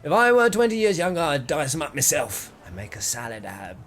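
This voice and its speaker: A man's voice: a little high, expressive, fairly quick, a bit bright, soft background music. A man voicing a pompous older male merchant who rambles and stumbles over his words. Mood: blustery.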